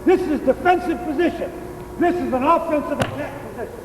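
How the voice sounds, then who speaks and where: Man, baseball coach, high voice, distant echoey old-tape sound, walks through each step. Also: a little fast, background noise. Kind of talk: instructional demonstration. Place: outdoor baseball field. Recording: distant, roomy old VHS audio.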